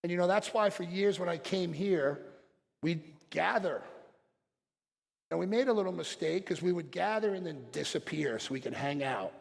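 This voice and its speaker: A man's voice: high-pitched, lively intonation, normal speed, vocal fry. A man giving a blunt, motivational talk from a stage to fellow practitioners, telling stories and acting out what people said. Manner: blunt, storytelling, acts out quotes. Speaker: seminar speaker. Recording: long hall reverb.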